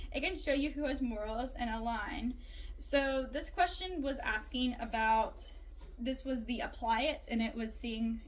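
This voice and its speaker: A woman's voice: fairly high pitch, a little hiss or hum. A young woman, a student, casually reflecting aloud on a class assignment in a chatty, rambling way with many fillers.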